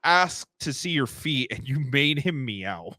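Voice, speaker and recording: A man's voice: mid-range voice, sing-song, measured pace, pushed and bright, dry recording. A man in his twenties hosting a casual interview, often restarting and repeating words. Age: 20s. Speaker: podcast host.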